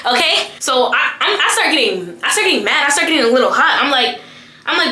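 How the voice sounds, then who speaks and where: A young woman telling a personal story in an animated storytime vlog, slangy and expressive, laughing often and repeating lines for emphasis. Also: high-pitched, fairly quick, a little hiss or hum. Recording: echoey room with faint background music.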